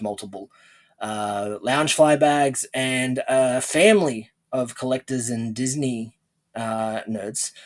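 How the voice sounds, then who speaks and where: Chatty rambling male podcast host. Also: mid-range voice. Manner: chatty, rambling with frequent restarts and laughs. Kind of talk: casual interview chat.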